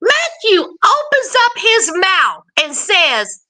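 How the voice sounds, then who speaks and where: A woman's voice: extremely high pitch, very animated, slow, pushed and bright. A woman giving a sassy, casual recap of a reality show, scolding the people on screen directly.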